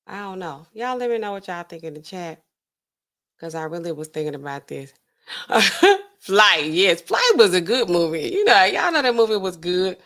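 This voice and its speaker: A woman's voice: fairly low pitch, sing-song, moderate pace, a bit bright. A woman hosting a live stream in a loose, slangy, rambling chat, laughing often and talking straight to her viewers.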